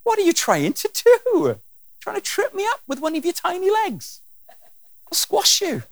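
A man's voice: extremely high pitch, wildly swooping pitch, normal speed, gravelly, fairly bright tone, dry recording, voice pushed up, heavily acted. A man putting on the voice of God, teasing and mocking tiny rebels in a raised, sing-song tone.

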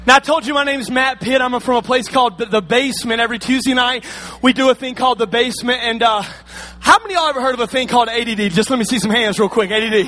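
A man from Alabama speaking on stage to a live audience, telling his story with humor, energetic and often shouting, firing quick questions at the crowd. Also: very high-pitched, slight background noise.

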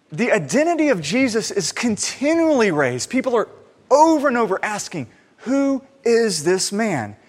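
A man preaching a sermon in an animated way, acting out the people he quotes. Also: on the high side. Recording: reverberant hall sound.

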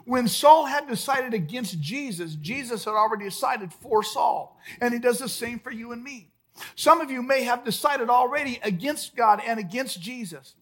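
A man preaching a sermon as pastor at a church service, emphatic, swinging between loud outbursts and hushed, soft lines. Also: extremely high pitch, lively intonation, normal speed.

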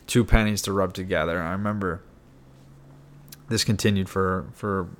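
A young adult man, a podcast guest, shares his recovery story frankly and casually, unscripted, with frequent fillers and the occasional swear word. His voice sits low, with a steady tone and a moderate pace.

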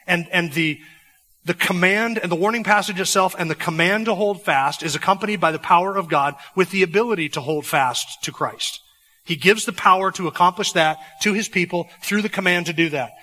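A man's voice: high voice, fairly quick, sharp tone, in a large hall, rough recording. A man preaching a sermon from the pulpit, fervent, with rising emphatic phrases. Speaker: pastor. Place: church sanctuary.

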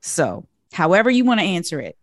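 Lively woman host, voice bounces all over, dry close sound. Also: on the low side, a little fast, no echo. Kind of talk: casual chat.

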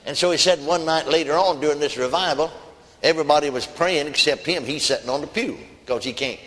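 A man's voice: fairly high pitch, fairly quick, a bit bright. A man preaching a sermon, telling a story in a folksy, emphatic way. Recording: long hall reverb.

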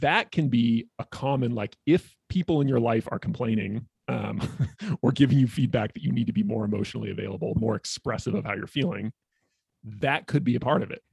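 Man, podcast therapist, casual explainer, gravelly, dry sound. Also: mid-range voice, a little fast, a little mellow, no echo. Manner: thoughtful, explaining with many "like"s. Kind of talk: casual conversation.

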